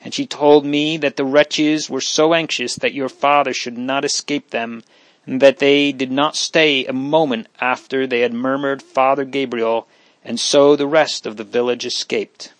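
A man's voice: medium pitch, steady tone, unhurried, no room sound, lightly acted, poor audio. A man voicing a haughty but remorseful young countess, speaking earnestly. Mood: distressed. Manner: pleading, earnest.

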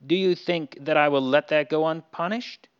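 A man's voice: medium pitch, lively intonation, slow, highs cut off. A man reading aloud, voicing an angry stern ruler of Egypt who scolds his visitors. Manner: indignant, scolding.

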